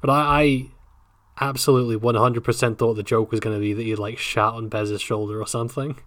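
Sardonic English-accented man, co-host, sweary deadpan delivery, dry close sound. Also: medium pitch, fairly quick, dry recording. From England. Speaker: podcast co-host. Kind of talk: casual book discussion chat.

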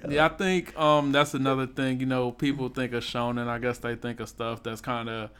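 A man with a voice of middle pitch talks in a relaxed, easygoing way. His voice is smooth and clear. He often fills his sentences with "you know". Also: moderate pace. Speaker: podcast co-host. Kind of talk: casual chat.

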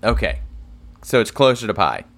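A man's voice: lowish voice, sing-song, moderate pace, gravelly, fairly bright tone. A man co-hosting a casual podcast in a dry, teasing way, laughing often. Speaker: podcast co-host. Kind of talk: casual chat.

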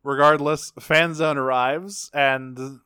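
A man co-hosting a casual chat, retelling a cartoon episode in animated fashion and laughing often. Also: on the high side, takes it slowly, clear, resonant tone, no echo, clean studio sound. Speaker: podcast co-host.

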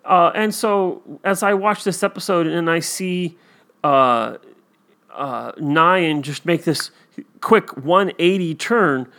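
Another co-host of the laid-back TV episode discussion speaks slowly in a fairly high, pushed, bright voice. He wanders through anecdotes with plenty of fillers and plays out the quoted lines.

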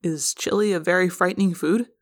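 A woman's voice: on the low side, steady tone, fairly quick, natural voice. A woman reading as an earnest alien boy in human form, in a careful, formal cadence, for a fan audiobook.

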